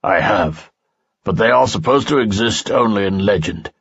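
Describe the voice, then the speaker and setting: Man playing haughty older elf scholar, lecturing, low and husky, dull audiobook sound. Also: expressive, moderate pace, fairly bright tone, heavily acted. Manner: condescending, lecturing.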